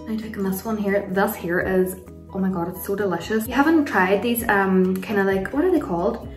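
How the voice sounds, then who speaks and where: A woman's voice: medium pitch, a little fast. An Irish woman in her young adult years talks through her makeup routine at home, chatty and gushing, laughing often. She sits a little away from the mic, so her voice carries a roomy echo. Faint music plays underneath. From Ireland. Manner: chatty and rambling, gushing over products with frequent laughs. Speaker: beauty vlogger. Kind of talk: casual makeup tutorial and Q&A chat. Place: home room, kids nearby. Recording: roomy sound from a distance.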